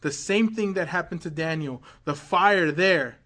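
A man's voice: a little high, measured pace. Preacher man telling a martyr story. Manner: dramatic, swings from hushed quotes to loud build-ups. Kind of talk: sermon storytelling.

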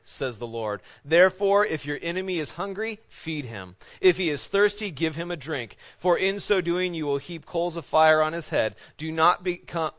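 A man preaching a sermon as a pastor, his voice a little higher than most men's. He asks one rhetorical question after another and keeps checking in with "right?". He swings from loud emphasis down to low, hushed intensity, and the recording sounds dull and lo-fi.

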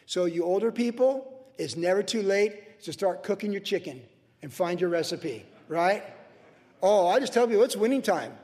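An older man preaching a sermon from the pulpit in an earnest, emotional way, swinging from soft to loud. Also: high-pitched, animated, normal speed, long reverb tail. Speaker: pastor. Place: church sanctuary.

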